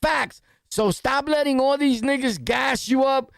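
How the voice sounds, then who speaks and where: Gravelly high-voiced New York man. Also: unhurried, no room sound. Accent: New York City. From New York City. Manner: loud, profane, laughing street talk. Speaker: podcast host. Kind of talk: casual commentary reacting to news clips.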